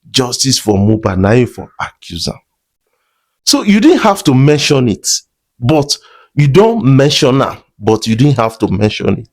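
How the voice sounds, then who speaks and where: A man with a Nigerian Pidgin accent giving chatty commentary to his viewers, mixing Pidgin with English. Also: on the high side. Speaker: entertainment blogger. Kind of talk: commentary vlog.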